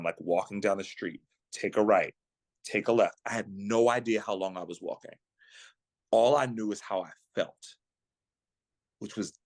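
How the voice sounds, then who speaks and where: A man on a podcast, earnestly telling a personal story of faith in a reflective way, slowing down at the emotional moments. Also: lowish voice, no room sound. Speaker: guest, actor and singer.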